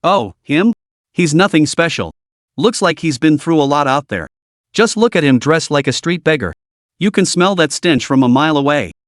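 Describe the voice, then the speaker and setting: A man's voice: a little high, animated, normal speed, dry recording, studio quality, close to an everyday voice. A man reading a flippant spoiled rich teen. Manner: plain storytelling read, little change of voice. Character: spoiled rich teenage boy, flippant and rude.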